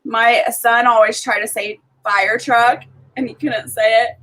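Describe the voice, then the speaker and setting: A woman's voice: fairly high pitch, fairly even intonation, unhurried, fairly bright tone, rough recording. A woman chatting casually on a livestream, telling rambling stories about her kids. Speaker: livestream co-host. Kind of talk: casual chat.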